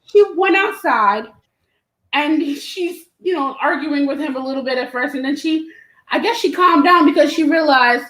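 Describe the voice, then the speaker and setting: A woman guest, an event promoter, telling an animated story with laughter. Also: sits high, moderate pace. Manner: animated, laughing, acts out quotes. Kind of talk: casual storytelling. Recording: roomy echo.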